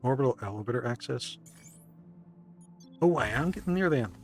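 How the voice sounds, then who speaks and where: A man's voice: medium pitch, big pitch swings, brisk, slightly rough, faint music behind. A man live-streaming a game, swearing often, joking with chat and reading it aloud.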